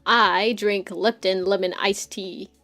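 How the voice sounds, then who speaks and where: A woman's voice: medium pitch, fairly even intonation, slow, sharp tone. A woman hosting a casual live stream, talking chattily, giggling often and swearing freely as she jumps from topic to topic. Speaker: streamer host.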